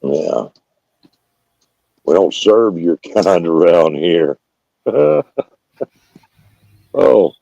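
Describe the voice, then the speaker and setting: A man with an extremely low, gravelly voice drawls through casual banter. His tone is dark and mellow, and the recording is dry and muffled. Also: very animated, drawn-out words, pauses often, no echo. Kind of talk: casual chat.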